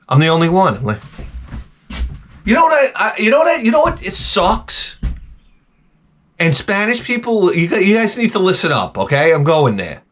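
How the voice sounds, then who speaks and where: A man giving a profane, rambling comic rant to camera. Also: on the high side. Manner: profane, animated, jumps between tangents. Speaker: vlogger.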